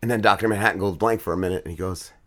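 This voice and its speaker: A man's voice: low voice, fairly even intonation, very fast, fairly bright tone. A man co-hosting a podcast, talking loosely and swearing constantly as he retells a TV episode. He rambles and doubles back on himself, piling up filler words while he chases the plot. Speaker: podcast co-host. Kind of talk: casual chat.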